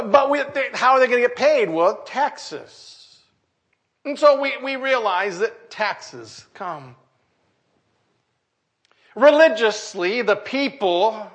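A man's voice: sits high, bright, forceful tone. An older man, a pastor, preaching a folksy sermon with jokes and asides to his congregation.

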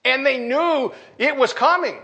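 A man's voice: extremely high pitch, a little slow, bright, forceful tone, muffled recording. An older man, a pastor, preaching a folksy sermon with jokes and asides to his congregation.

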